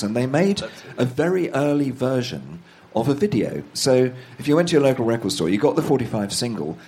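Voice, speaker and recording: A slight hiss or hum sits behind this mid-range, slightly mellow male voice. He's an author being interviewed, telling stories at length in a conversational storytelling format, acting out quoted voices and laughing at his own anecdotes.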